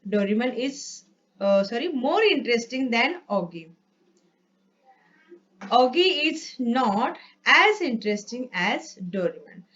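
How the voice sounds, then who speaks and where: A woman gives a slow, careful grammar lesson and reads word lists one by one. Her voice sits a little high. She repeats herself and corrects small slips with a quick "sorry". The recording sounds dull and lo-fi. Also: sing-song, fairly bright tone. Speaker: English teacher.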